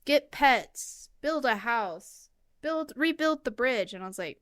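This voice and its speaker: Bright, animated woman ranting with heavy swearing. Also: sits high, takes it slowly, pauses often, dry recording, clean studio sound. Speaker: podcast co-host. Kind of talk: casual chat.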